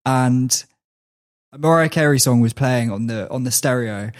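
A man hosting a podcast, telling sports stories in a relaxed, laughing chat with frequent restarts. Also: mid-range voice, moderate pace. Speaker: podcast host. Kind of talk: casual chat, storytelling.

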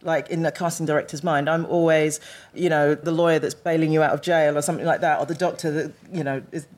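A woman actor chatting casually as a guest on a live podcast, telling animated stories and laughing often. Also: low voice, quick pace.

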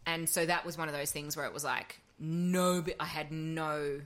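Aussie actress in her 30s, bright forceful voice a bit on the low side, chatty, swears, acts out what people said. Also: normal speed. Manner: animated storytelling, swears freely, acts out quotes. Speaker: actor and audiobook narrator, guest. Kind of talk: casual podcast chat.

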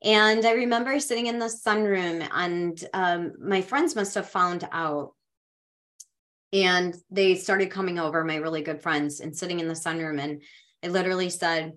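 A woman podcast co-host telling a personal story in a heartfelt, halting way, with frequent restarts. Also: fairly low pitch, steady tone, a bit bright.

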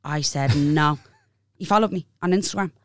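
A young Irish woman co-hosting a podcast, telling a story in a sweary, animated way and imitating the people in it. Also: sits low, normal speed, dry recording, clean studio sound. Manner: sweary, animated, playful impressions of others. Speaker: podcast co-host. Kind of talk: casual storytelling chat.

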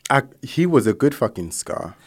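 A man's voice: medium pitch, big pitch swings, moderate pace. A man guest in casual podcast chat, blunt and emphatic and swearing freely.

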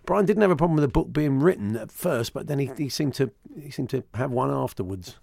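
A male radio sports host with a gravelly, slightly rough voice talks in a relaxed, rambling way, dotting his sentences with fillers. The studio sound is dry and close, with no room echo. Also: mid-range voice, fairly quick. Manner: relaxed, chatty, frequent fillers. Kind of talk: casual radio chat. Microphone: studio microphone.

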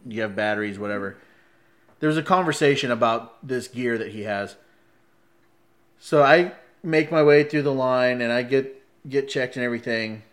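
A man in a casual chat, telling a story in an animated way, laughing often and acting out quoted lines. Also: mid-range voice, normal speed.

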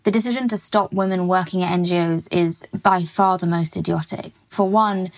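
A woman correspondent answering interview questions on a news podcast, measured and analytical, with some fillers. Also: fairly low pitch, steady tone.

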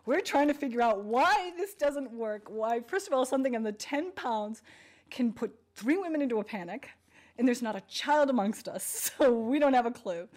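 A woman's voice: on the high side, lively intonation, moderate pace, a little mellow. A woman telling a story from memory in an amused way during an interview. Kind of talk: anecdote in an interview.

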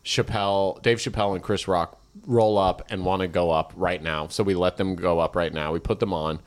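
A man with a lowish voice chats as a podcast co-host. He sounds easygoing and unhurried, with curses dropped casually into his stories. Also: steady tone, smooth. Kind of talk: casual chat.

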